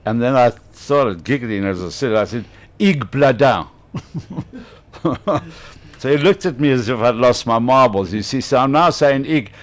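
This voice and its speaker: A man hosting a radio chat, spinning a lively anecdote with plenty of laughter. His pitch sits in an ordinary middle range, and his delivery is relaxed and conversational. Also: moderate pace. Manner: animated anecdote teller, laughs often. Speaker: radio host. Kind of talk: casual storytelling chat.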